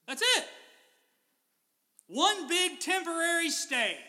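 A man preaching a sermon in an animated way, now and then acting out biblical figures in casual voices. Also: extremely high pitch, measured pace, long pauses, long reverb tail. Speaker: pastor.

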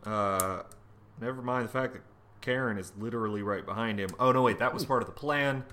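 A man's voice: mid-range voice, fairly quick, pushed and bright. A man co-hosting a podcast, recapping a comic book in casual, profane chat full of fillers and restarts. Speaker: podcast co-host.

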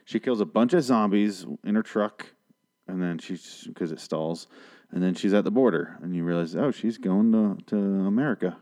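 A man's voice: low-pitched, moderate pace, mellow. A man hosting a casual TV episode review, talking in a rambling, profane and sarcastic way. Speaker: host of a TV review show.

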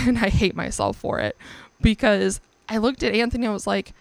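A young woman with a gravelly, creaky edge to her voice talks casually through her own podcast. She is candid and profane and laughs often, and the sound is dry and close with no room behind it. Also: mid-range voice, brisk, no room sound. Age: young adult. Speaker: podcast host. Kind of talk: casual solo podcast chat.

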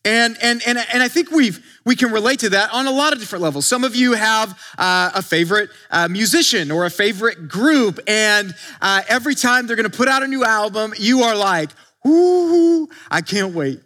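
Guy pastor preaching, high bright voice, chatty, lots of restarts. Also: fairly quick, few pauses. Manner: conversational, with many restarts and acted-out quotes. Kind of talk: sermon.

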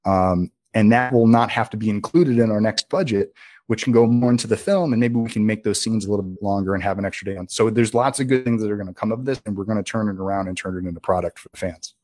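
A lower-pitched man chats through behind-the-scenes stories in an animated, rambling way, leaning on filler words. The sound is dry and close. He talks casually as an interview guest. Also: fast, no room sound. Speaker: filmmaker guest.

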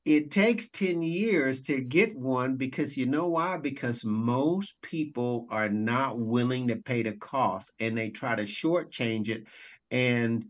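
A man's voice: mid-range voice, slow pace. A man who is a coach, talking earnestly in a motivational conversation and often checking in with "right?".

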